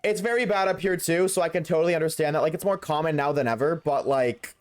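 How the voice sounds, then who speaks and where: A man's voice: on the high side, fast, faint music behind. A man streaming a game, ranting bluntly to his live chat and swearing freely. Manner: chats with viewers while playing. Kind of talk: casual rant to live chat.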